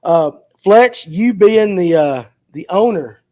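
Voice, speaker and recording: High-voiced man hosting a casual show. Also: lively intonation, slow pace, darkish tone. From Georgia, USA. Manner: loose, joking, fumbling through technical hiccups. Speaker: podcast host. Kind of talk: casual chat.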